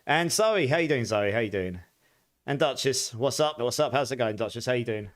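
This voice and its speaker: A man's voice: mid-range voice, a little fast. Chatty young male streamer, voice fraying. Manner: relaxed, chatty, greets viewers warmly, laughs often. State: voice going hoarse. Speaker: game streamer. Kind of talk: casual live-stream chat. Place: home room at his gaming setup.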